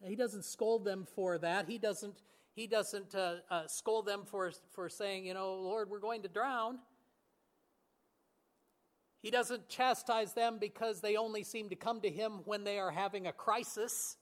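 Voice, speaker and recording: A man preaching a sermon in an earnest way, often slowing and dropping to a near whisper on key words. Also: sits high, steady tone. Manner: earnest, with fillers and restarts, voice swings between hushed and raised. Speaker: pastor.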